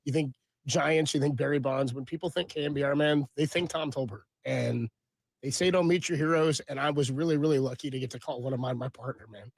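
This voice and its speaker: A man's voice: mid-range voice, fairly even intonation, a little fast, vocal fry, breathy edge, dry recording. A man in his thirties, a radio co-host, giving a casual heartfelt on-air tribute.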